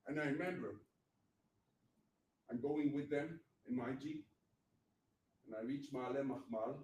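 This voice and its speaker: A man's voice: medium pitch, unhurried, darkish tone. Blunt, profane older man. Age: 60s. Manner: blunt, profane, emphatic storytelling. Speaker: guest speaker at a tech meetup. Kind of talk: motivational personal story. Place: event venue. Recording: echoey room mic from far off with faint noise.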